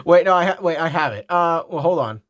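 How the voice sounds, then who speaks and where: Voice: mid-range voice, animated, brisk, fairly bright tone, no echo. A game streamer chatting casually, rambling, interrupting themself and swearing freely.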